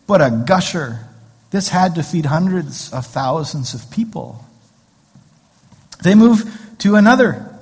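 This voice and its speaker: Male pastor preaching casual-like, asks the crowd questions, slightly husky, church reverb. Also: mid-range voice. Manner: conversational, joking asides, rhetorical questions. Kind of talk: sermon. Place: church sanctuary. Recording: long hall reverb.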